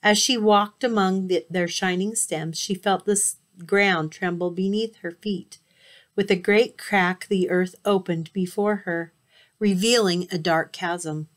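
A woman reading a myth aloud as a storybook, expressive with occasional slips and restarts. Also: lowish voice, unhurried.

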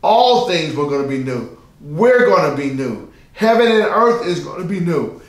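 A man's voice: a little high, sing-song, normal speed, roomy sound. A man preaching a sermon as pastor, emphatic and repetitive, asking the listeners rhetorical questions.

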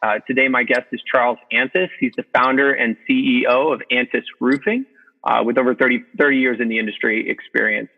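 A man's voice: medium pitch, brisk, vocal fry. A man hosting a business podcast, introducing his guest and asking loose questions full of fillers. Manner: relaxed, filler-heavy questions. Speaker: podcast host. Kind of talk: casual interview. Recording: dull lo-fi audio.

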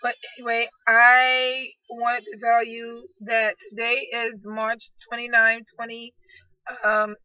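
A woman with a hoarse, fading voice records a casual video diary as a vlogger, effusively addressing her viewers. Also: on the high side, monotone, slow, no room sound, lo-fi sound. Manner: effusive, keeps calling out "guys". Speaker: vlogger, aspiring model. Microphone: laptop built-in mic.

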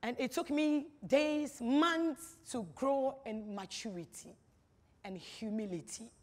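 A woman with a fairly high voice shares a personal testimony in a long-echoing hall. She talks emphatically, repeats her phrases for weight, and moves between hushed lines and loud bursts. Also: takes it slowly. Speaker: speaker giving a testimony. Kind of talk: personal testimony at a church-style gathering. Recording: reverberant hall.

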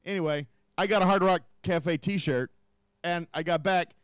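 A man's voice: sits high, normal speed, clear, resonant tone, dry recording, studio quality. A man, telling profane rambling stories in casual podcast chat. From United States. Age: 50s. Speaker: podcast host.

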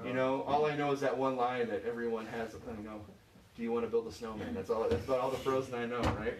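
A male pastor from Michigan preaching loosely and conversationally, peppering his talk with "you know" and questions to the pews. His voice sits at an ordinary middle pitch and is picked up from a distance, ringing around a reverberant church room with a faint hiss underneath. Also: steady tone, quick pace, crowd noise. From Michigan, USA. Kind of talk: informal sermon. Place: church sanctuary. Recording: echoey church, voice from far off.

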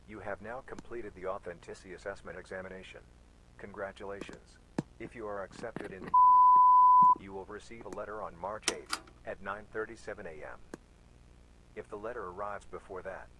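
Man playing a cold male examiner, deep, formal, flat, loud hiss behind. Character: cold adult male examiner announcing results.

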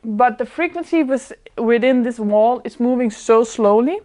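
A woman with a fairly high, warm voice leads an informal spiritual talk for a small indoor group at a moderate pace. Earnest in manner, she pauses to find her words and laughs often.

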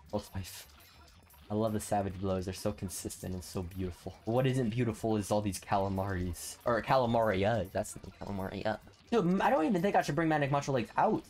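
A young man talks his way through a tricky game stage, swinging between muttered notes and high, loud outbursts. He repeats words in quick strings when things get tense. Faint game music plays under his voice. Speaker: gameplay streamer. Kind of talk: excited gameplay commentary.

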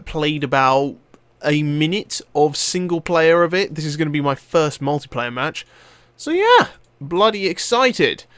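Excitable young gamer, dry sound. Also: male voice, mid-range voice, clear, resonant tone, no echo. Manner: excitable, rambling, swears casually. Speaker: gaming video host. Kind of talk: let's play commentary.

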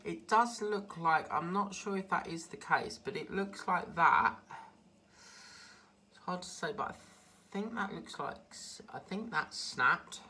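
A man's voice: on the high side, bright, forceful tone. A man casually chatting through an unboxing of model parts, rambling and easily delighted. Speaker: model-building vlogger. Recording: distant mic with clear background noise.

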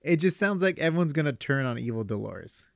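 A young man hosting a podcast, chatting casually in an animated way. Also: medium pitch, creaky, no room sound, studio quality. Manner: animated, quick asides and laughs. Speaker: podcast host. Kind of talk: casual chat.

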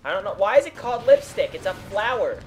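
A young man talks through a game in a goofy, excitable way and keeps telling his partner where to go. His voice sits a bit high and swings all over the place. Faint game music plays underneath. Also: fast. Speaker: co-host of a let's play. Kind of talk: casual gameplay commentary.

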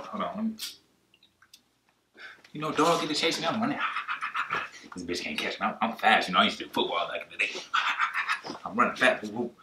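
Young guy telling a boastful funny story real fast, echoey room, little hiss. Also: medium pitch, creaky. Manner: rambling, boastful, fast-talking slang. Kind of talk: comedic storytelling. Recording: roomy echo, faint noise.

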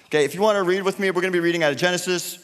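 A man's voice: high voice, very fast, big-room sound. A young man preaching casually to a church gathering in a loose, chatty way with lots of fillers. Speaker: youth pastor. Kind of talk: casual sermon and prayer. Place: church hall.

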